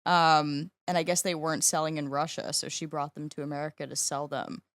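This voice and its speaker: A woman's voice: low voice, flat delivery, fairly quick, dry recording. A woman chatting as a podcast co-host, speaking in a hesitant, thoughtful way with lots of fillers. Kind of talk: casual chat.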